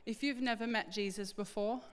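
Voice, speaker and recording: A middle-aged woman preaching a sermon, animated and acting out little scenes in different voices. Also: medium pitch, a little fast. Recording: echoey hall with long reverb.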